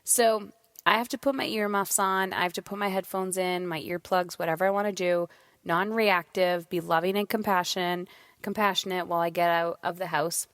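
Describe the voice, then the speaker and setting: A woman in her thirties hosting a podcast, telling a story in a candid, animated way and swearing freely. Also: lowish voice, normal speed, smooth, no echo, clean studio sound. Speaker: podcast host. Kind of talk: casual solo monologue.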